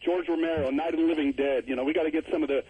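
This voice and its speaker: Jokey male radio caller, slightly higher voice. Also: fairly even intonation, racing, husky, narrow, tinny audio. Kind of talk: call-in chat.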